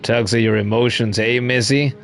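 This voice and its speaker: A man's voice: mid-range voice, steady tone, normal speed, vocal fry, a bit bright, faint music behind. A man voicing a scruffy, wheedling male bug scavenger in a video game, with an Australian accent and a coarse, slangy drawl. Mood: gruff, wheedling.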